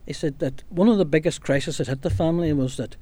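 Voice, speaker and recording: A man's voice: a little high, quick pace, warm tone. A man from Northern Ireland leading a casual discussion, telling long stories with frequent fillers.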